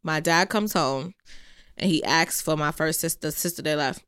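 A woman's voice: low-pitched, normal speed, a bit bright, clean tone, no room sound, studio quality. A young woman co-hosting a podcast, telling a childhood story in a blunt, profane, casual way. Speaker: podcast co-host.

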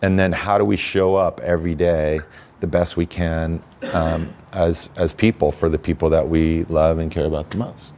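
Low-voiced man telling stories reflectively. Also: little pitch movement, normal speed, a little mellow, a little hiss or hum. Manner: reflective, with frequent "you know" and restarts. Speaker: podcast guest, musician. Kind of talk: casual conversational storytelling.

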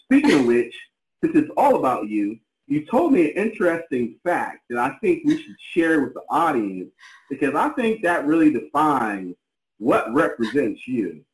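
A man's voice: a little high, very animated, normal speed, roomy sound, poor audio. A man co-hosting a podcast, talking in an effusive, rambling, enthusiastic way. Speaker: podcast co-host. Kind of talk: casual podcast chat.

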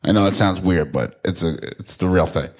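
A young man from Staten Island doing a crude, deadpan stand-up comedy set on a club stage. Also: sits low, fairly quick. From Staten Island, New York. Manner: deadpan, crude, shifts into mocking voices for quoted people. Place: comedy club stage before a laughing audience.

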